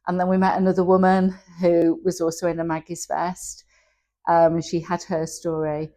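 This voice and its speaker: A woman's voice: fairly low pitch, monotone, normal speed, mellow. Candid woman in her sixties. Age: 60s. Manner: candid, emotional, laughing through her story. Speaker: interview guest. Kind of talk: personal storytelling interview.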